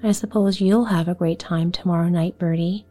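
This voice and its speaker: A woman's voice: fairly low pitch, steady tone, moderate pace, warm tone, faint music behind, close to an everyday voice. A woman voicing a sick little boy who sounds mournful and complaining, in a sleep story.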